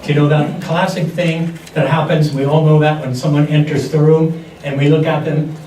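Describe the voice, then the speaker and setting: An older man teaches a seminar in a loose, storytelling style, often restarting his sentences. His voice sits a little high and is picked up from a distance in a roomy hall. A faint hiss runs underneath. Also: little pitch movement, moderate pace, dark tone. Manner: conversational, anecdotal teaching with frequent restarts. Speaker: seminar speaker. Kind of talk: lecture on holistic health. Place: lecture hall. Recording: echoey hall, distant mic, faint noise.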